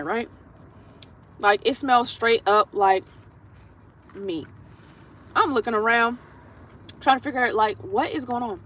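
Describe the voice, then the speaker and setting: A woman's voice: a little high, unhurried, pauses often, fairly bright tone, a little hiss or hum, low-quality recording. A woman hosting a nail livestream, chatting through a blunt, profane story in a casual storytelling way. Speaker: nail artist livestream host. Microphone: streaming setup while doing her nails.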